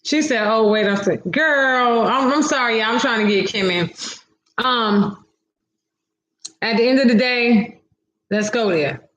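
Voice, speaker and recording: A woman's voice: a little high, unhurried, long pauses, a bit bright, roomy sound. A woman hosting a casual livestream, reading viewer comments aloud and talking back to her audience with a sassy, laughing manner.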